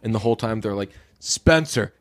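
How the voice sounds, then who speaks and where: A man's voice: mid-range voice, normal speed, dry recording, studio quality. A man co-hosting a podcast in casual chat, jokey and given to acting out mocking voices. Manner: jokey, acts out mocking voices in animated bursts. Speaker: podcast co-host.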